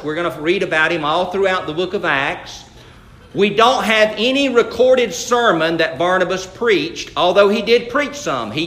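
A man preaches a sermon to his congregation in a folksy, conversational way, often restarting his sentences. His voice is high and bright. The words echo through a church sanctuary. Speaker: pastor.

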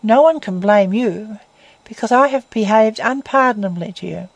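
A woman reading the part of an earnest young man who pleads with his love in a slow, deep tone. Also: dark tone, no echo, natural voice, rough recording. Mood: suppressed rage. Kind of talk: audiobook reading.

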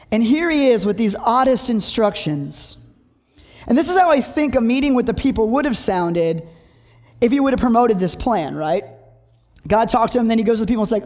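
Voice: medium pitch, lively intonation, moderate pace. A preacher giving a sermon, reading scripture aloud and telling humorous stories. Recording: long hall reverb.

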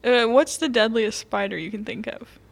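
A woman's voice: a little high, steady tone, normal speed, vocal fry. A woman co-hosting a podcast, chatting casually and playfully about a movie, rambling and laughing easily. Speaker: podcast co-host.

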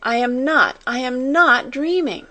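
A woman reading an audiobook, voicing a young girl who talks in breathless, quick exclamations. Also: a little high, big pitch swings. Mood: breathless wonder. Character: young girl, wondering and overwhelmed. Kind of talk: audiobook character voice.

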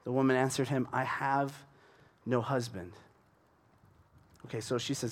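A man giving a casual Bible teaching, animated as he retells the scripture in everyday words. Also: mid-range voice, a little fast, a little hiss or hum.

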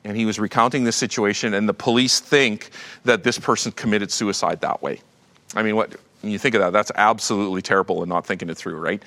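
A man's voice: fairly low pitch, fairly even intonation, quick pace, sharp tone. A middle-aged man preaching a sermon in a conversational, self-deprecating way, with restarts and little laughs. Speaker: pastor.

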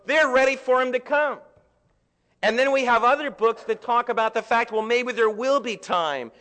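A middle-aged male pastor preaching a sermon in a conversational way, dropping to a hush and then rising loud, in a church. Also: extremely high pitch. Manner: conversational, swings from hushed to loud. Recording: long echo of a large hall.

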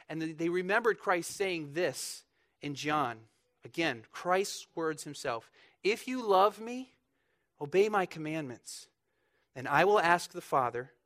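A young man preaching a lively, joking sermon in church, bursting into loud mock voices. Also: a little high. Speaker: pastor.

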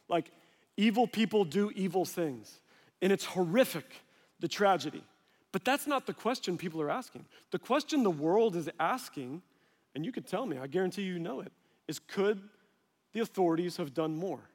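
A high-pitched male pastor in his forties tells stories from the pulpit and slips into the voices of the people in them. The sermon carries a long reverb, as if from a large sanctuary. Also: lively intonation, moderate pace, a little mellow. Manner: storytelling, conversational, acts out dialogue.

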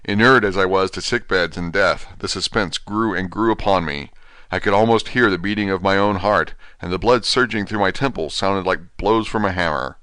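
A man narrating an audiobook in a steady, measured reading. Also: low-pitched, clean tone, no room sound. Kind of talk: scripted narration.

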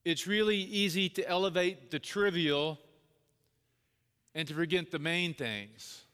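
In a long, reverberant hall, a middle-aged male pastor tells a personal story during his sermon, earnest and conversational, acting out quoted voices. He talks a little slowly, his fairly high voice a bit bright with a clean tone.

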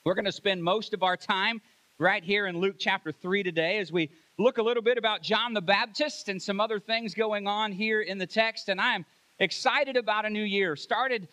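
A man's voice: high voice, normal speed, sharp tone. A man preaching a sermon from the pulpit to his congregation in a friendly, conversational way. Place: church sanctuary.

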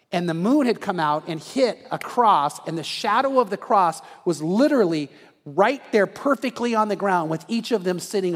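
A male pastor preaching a sermon, telling a story and often restarting words, dropping low and soft at tender moments. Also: long reverb tail. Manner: repeats words when restarting. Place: church sanctuary.

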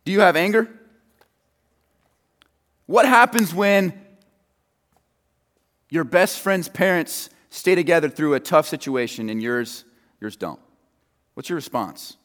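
A man preaching a sermon, chatting and joking easily with the people in front of him. His voice sits a little high for a man. The sound carries the long reverb of a large hall. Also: expressive, slow, pauses often, fairly bright tone. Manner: casual, joking and conversational with the audience.

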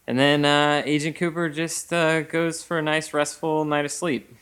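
A man's voice: a little high, level tone, moderate pace, fairly bright tone, smooth. A man hosting a podcast, asking teasing questions in a casual, playful way. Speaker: podcast host. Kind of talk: casual chat.

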